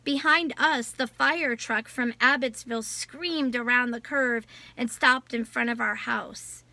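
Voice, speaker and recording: Woman, audiobook narrator, measured storytelling, bright tone. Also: fairly high pitch, gravelly, dry recording. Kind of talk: scripted novel narration.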